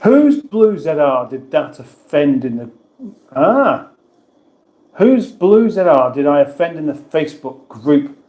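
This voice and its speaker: A man's voice: a little high, very animated, takes it slowly, a little mellow, echoey room. A man hosting a casual livestream, reading viewers' comments aloud and answering them in a chatty, self-mocking way. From England. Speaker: livestream host reading chat.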